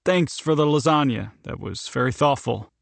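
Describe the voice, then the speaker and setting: Male hockey player, wry and guarded, deadpan, gravelly low edge, voiced by a male narrator. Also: moderate pace, no echo. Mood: dry. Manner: dry, deadpan.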